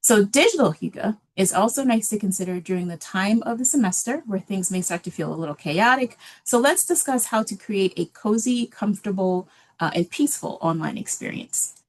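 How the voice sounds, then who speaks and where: A woman's voice: medium pitch, moderate pace. Lady giving a library webinar, laid back, lots of ums. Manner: relaxed, many filler ums. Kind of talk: casual presentation.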